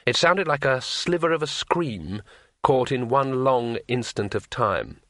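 Brief: male narrator for a comic fantasy audiobook, measured and wry, dry booth sound. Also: mid-range voice, pushed and bright, dry recording.

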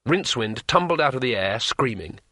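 Brief: male narrator for a comic fantasy audiobook, measured and wry, dry booth sound. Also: medium pitch, lively intonation, bright, forceful tone, no room sound.

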